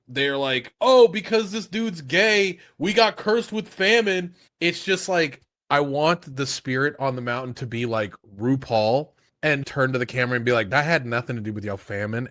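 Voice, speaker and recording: Jokey, animated man on a podcast. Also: medium pitch, no echo, clean studio sound. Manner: animated, jokey, swings into exaggerated impressions. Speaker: podcast co-host. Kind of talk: casual, profane banter.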